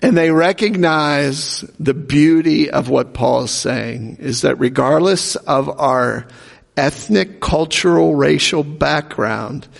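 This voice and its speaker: A man's voice: on the high side, gravelly. A man preaching a sermon, repeating aloud each answer called out by the congregation. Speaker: pastor. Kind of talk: sermon with audience call-and-response. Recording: echoey hall reverb.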